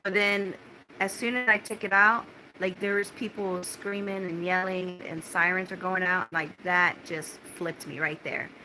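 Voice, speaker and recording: A woman telling viewers about a frightening experience in a halting, repetitive way, with many restarts and blunt swearing. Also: lowish voice, fairly even intonation, pushed and bright, a little hiss or hum. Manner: shaken but steadying, talking straight to viewers. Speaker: vlogger recounting a personal ordeal. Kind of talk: casual spoken personal story.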